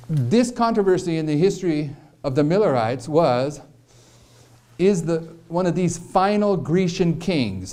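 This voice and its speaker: A man's voice: medium pitch, warm tone. A man giving a prophecy lecture, explaining carefully with repeated questions and emphasis. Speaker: preacher.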